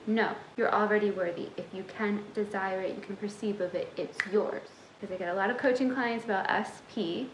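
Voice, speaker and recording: A woman's voice: mid-range voice, fairly even intonation, fairly quick, few pauses, slight background noise. Sassy tough-love woman coach, echoey room. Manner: sassy, tough-love, talks straight to the viewer. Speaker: manifestation coach. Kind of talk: motivational talk to camera.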